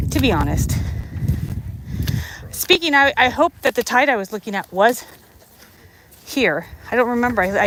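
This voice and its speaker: A woman's voice: medium pitch, noisy background. An American woman chatting live to her viewers while she walks across a tidal bay, out of breath, filmed on a handheld phone. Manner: chatty, talks straight to viewers while walking. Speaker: livestream vlogger. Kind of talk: casual live-stream chat. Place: outdoors on a tidal bay shore. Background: outdoor ambience.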